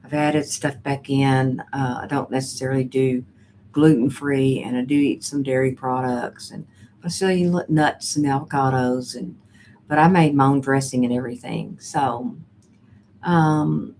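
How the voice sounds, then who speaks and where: A woman's voice: very deep voice, fairly even intonation, a little slow, a little mellow, slight background noise. A middle-aged woman hosting a live chat stream. She talks casually and rambles, with many fillers and restarts, and answers viewer comments as she reads them.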